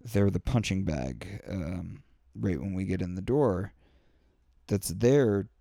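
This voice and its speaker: A man's voice: low voice, animated, slow, vocal fry, mellow, dry recording, studio quality. A young man hosting a podcast, talking in a rambling, profane and heartfelt solo rant full of fillers. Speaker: podcast host. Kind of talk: candid solo podcast monologue.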